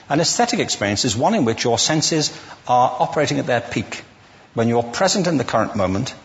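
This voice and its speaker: A man's voice: medium pitch, fairly bright tone, long reverb tail. A man giving a witty, conversational lecture to a live audience, asking the listeners questions as he goes. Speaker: public speaker.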